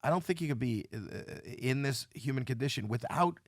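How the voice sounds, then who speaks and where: A man's voice: medium pitch, brisk, no room sound, clean studio sound. A man in his sixties, a podcast guest, candidly retelling a painful experience, acting out the voices of the people in it. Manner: emotional, dramatic retelling with quoted voices. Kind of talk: candid storytelling.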